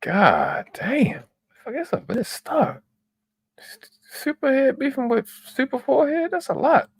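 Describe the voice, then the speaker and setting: A man's voice: very high voice, huge pitch swings, measured pace, slightly rough. A man hosting a livestream, giving profane, exclamatory reaction commentary. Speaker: livestream host.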